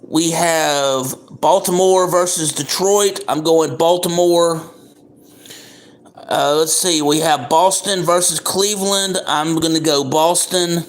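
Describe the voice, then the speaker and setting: Plain-talking man, slightly high voice. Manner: plain, unhurried, with frequent ums and repeats. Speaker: livestream host making baseball picks. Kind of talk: casual livestream talk.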